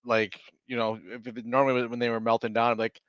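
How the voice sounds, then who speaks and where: A man's voice: medium pitch, little pitch movement, fast, fairly bright tone, no echo, lo-fi sound. A man in his thirties, a stay-at-home dad co-hosting a podcast, telling a long rambling story in casual chat with restarts and laughs.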